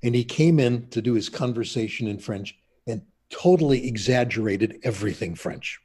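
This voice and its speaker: A man's voice: mid-range voice, animated, moderate pace, warm tone, slight background noise. An older man, a linguist being interviewed, telling anecdotes in a chatty, casual way. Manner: chatty anecdotal storyteller, laughs at himself. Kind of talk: casual storytelling.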